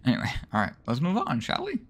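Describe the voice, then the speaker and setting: Animated, swearing gamer man. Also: fast talker, husky. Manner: exasperated, swearing, self-mocking rants; jumps into sudden high yelps when frustrated. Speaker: let's play gamer. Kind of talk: live gameplay commentary.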